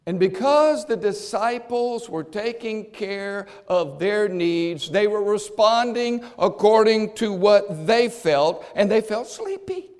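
A male preacher delivering an impassioned sermon that swings from shouts to hushed tones, with long hall reverb. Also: high-pitched, animated, takes it slowly, hardly any pauses.

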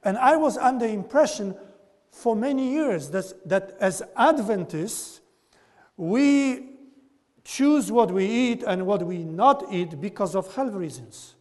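A man with a notably high voice delivers a classroom lecture, tagging his points with a quick "okay?". His voice carries a long reverb, as in a large lecture hall. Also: animated, darkish tone.

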